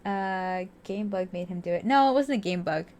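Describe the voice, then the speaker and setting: A young woman plays a game and comments on it casually as a let's-play streamer, chatting, laughing often, and swearing freely. Her mid-range voice has a darkish tone and moves at normal speed.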